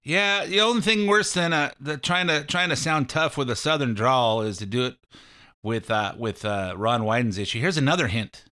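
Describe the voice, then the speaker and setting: A man's voice: medium pitch, moderate pace, bright, forceful tone. A man hosting a show of casual political commentary, rambling and folksy with a mocking edge. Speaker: host.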